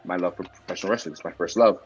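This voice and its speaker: A man guest telling stories in a casual interview, excitable and animated, acting out moments from his past. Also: low-pitched, rapid-fire, dull audio, slight background noise. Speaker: actor guest.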